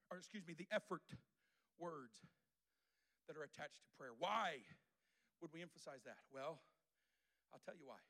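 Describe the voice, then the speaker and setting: A man's voice: a little high, fairly bright tone. A male pastor preaching a sermon to a congregation in a church, using repetition and call-and-response.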